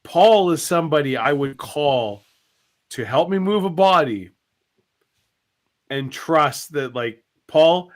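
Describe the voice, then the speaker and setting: A man co-hosting a live chat stream, taking his time over every thought. He rambles and jokes in a relaxed, drawn-out way. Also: on the high side. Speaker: co-host.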